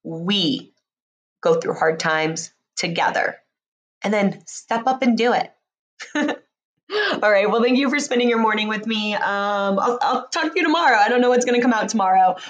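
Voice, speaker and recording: Earnest woman coach, fairly high voice. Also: a little fast, muffled recording. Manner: earnest, heartfelt, chatty with laughs. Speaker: life and relationship coach. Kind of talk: morning motivational talk to camera.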